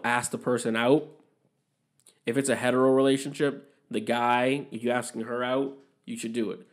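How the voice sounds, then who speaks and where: A young man hosting a podcast, talking alone in a candid, opinionated and rambling way, swearing freely. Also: mid-range voice. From Massachusetts, USA. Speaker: podcast host. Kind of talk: casual solo podcast monologue.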